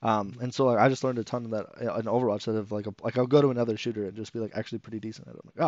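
Fast-talking man on dull lo-fi audio. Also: lowish voice, fairly even intonation, a little mellow. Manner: rapid, filler-heavy, acts out quotes. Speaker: guest player. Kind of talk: casual esports podcast chat.

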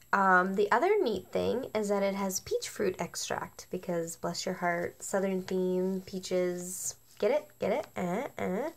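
Woman, chatty and upbeat vlog reviewer, medium pitch, casual asides. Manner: bubbly and chatty, with playful asides. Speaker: product reviewer.

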